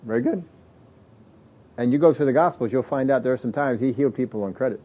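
A man's voice: medium pitch, fast. A man preaching a sermon in a plain-spoken way, acting out the excuses people make in different voices. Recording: dull lo-fi audio recording.

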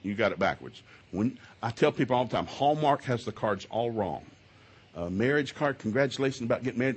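A man's voice: mid-range voice, lively intonation, a little fast, slight background noise. A middle-aged man teaching at a marriage seminar, telling folksy stories and acting out both sides of arguments. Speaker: seminar speaker. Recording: live audio of a seminar talk.

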